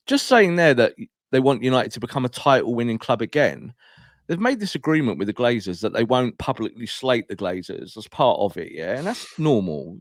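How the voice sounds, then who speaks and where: Male podcast co-host, mid pitch, lively opinionated ranter, close dry mic. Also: no room sound. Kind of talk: casual football podcast chat.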